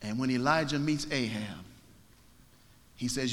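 A man preaching a sermon, dramatic and swinging from shouts down to whispers. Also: mid-range voice, moderate pace, pauses often, big-room sound.

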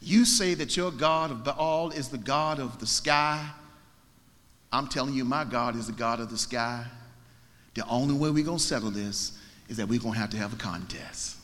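A preacher acting out a cocky, taunting prophet. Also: male voice, medium pitch, normal speed, a bit bright, long reverb tail, close to an everyday voice. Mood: challenging. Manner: taunting, casual modern slang. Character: bold, mocking male prophet, supremely confident.

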